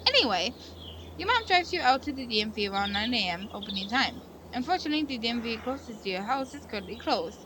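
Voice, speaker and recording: A woman playing through a visual novel, reading its text aloud and stopping to ramble earnestly about it. Her voice sits fairly high and she often corrects herself mid-sentence. A faint hum of noise sits under her voice. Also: sing-song, fast talker. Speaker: game streamer. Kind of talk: casual let's-play commentary and narration.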